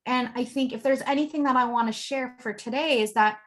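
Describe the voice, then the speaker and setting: Woman relationship coach, fairly high voice, animated storyteller full of fillers, interview guest. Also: fairly quick.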